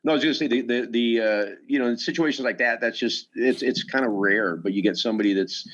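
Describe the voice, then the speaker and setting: A man's voice: mid-range voice, fast, a bit bright, slight background noise. Middle-aged man telling laid-back stories. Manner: laid-back anecdotal, chuckling asides. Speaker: stuntman guest. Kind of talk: casual podcast storytelling. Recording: muffled recording.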